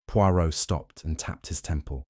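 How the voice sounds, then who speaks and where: A male narrator tells a mystery story in the first person at a steady, measured pace. His voice is low and deep. The recording is dry and close, with no room sound. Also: dry recording. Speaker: audiobook narrator.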